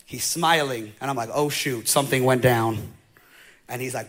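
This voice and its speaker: A male pastor telling a story in a sermon, going from quiet storytelling to loud, excited preaching. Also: medium pitch, normal speed, background noise.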